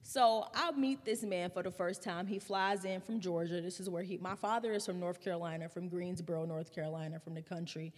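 A woman in her thirties hosting a podcast, telling a personal story in a candid, animated way. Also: on the low side, fairly quick, few pauses, in a large hall. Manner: candid, animated retelling with laughs and swearing. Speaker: podcast host.

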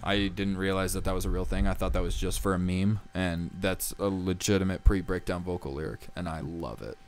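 A young man with a notably low, deep voice talks through a casual podcast chat. He wanders from point to point, leaning on fillers and restarting his sentences as he goes. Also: fairly even intonation, brisk. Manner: rambling, many fillers and restarts. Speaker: podcast co-host.

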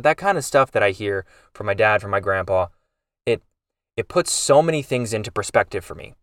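A man's voice: on the low side, no echo, recorded from a distance. A man hosting a podcast, telling an emotional family story in a rambling, casual way with many restarts. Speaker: podcast host.

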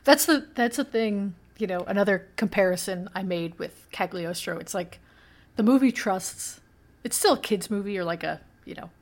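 A woman's voice: mid-range voice, moderate pace. A woman co-hosting a podcast, chatting casually in an easygoing, agreeable way, often trailing off mid-thought. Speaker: podcast co-host. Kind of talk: casual chat.

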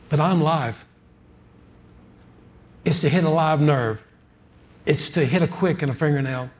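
High-voiced folksy preacher. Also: male voice, a little slow, long pauses. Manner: folksy storytelling preacher, repeats words. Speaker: pastor. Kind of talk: sermon.

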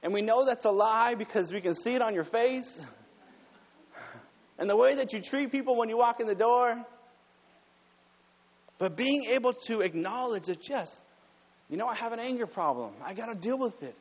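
A man preaching a conversational sermon as pastor, climbing higher and louder when he presses a point. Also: lively intonation, moderate pace, pauses often. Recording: dull sound with long hall reverb.

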